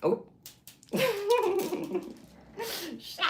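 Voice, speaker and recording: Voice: mid-range voice, expressive, moderate pace, long pauses, background noise. Streamer doing bead crafts and goofing off with chat, giggly, voice jumps all over the place. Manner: playful, giggly, self-mocking banter. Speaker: livestreamer making beaded bracelets. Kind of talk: casual live-stream chat with viewers.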